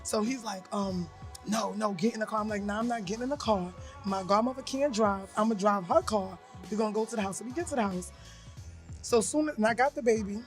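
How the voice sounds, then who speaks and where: A woman's voice: mid-range voice, a little fast, soft background music. A woman co-hosting a podcast, telling a personal story bluntly in casual chat and acting out the voices she quotes. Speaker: podcast co-host.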